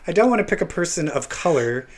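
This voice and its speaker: Lively, playful male podcast co-host. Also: on the high side, fast. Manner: laughs often, playful. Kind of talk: casual chat.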